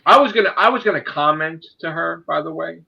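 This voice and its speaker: A man's voice: a little high, a little fast, creaky, husky, lo-fi sound. An American man ranting in a casual chat, swearing a lot. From United States.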